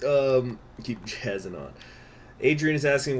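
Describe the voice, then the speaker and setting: Chatty low-voiced man streaming a game. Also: animated, moderate pace, a little hiss or hum. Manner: chatty, answers chat, many fillers. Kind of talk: casual live-stream gameplay commentary.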